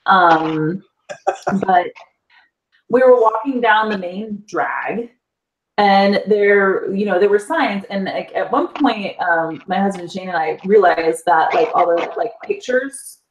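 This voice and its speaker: A woman from the South, a guest telling an animated story in a casual chat and laughing often. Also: medium pitch, slow, lo-fi sound, a little hiss or hum. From US South, Panhandle area. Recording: echoey room.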